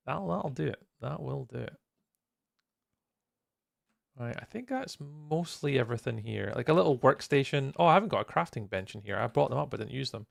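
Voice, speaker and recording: A tired man chatting on a casual live stream, rambling along and greeting viewers by name. His voice is heavily gravelly with lots of vocal fry, and the sound is close and completely dry. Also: mid-range voice, animated, moderate pace, dry recording. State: tired, yawning. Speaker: livestreamer and server host. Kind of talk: casual live-stream chat while building in a game.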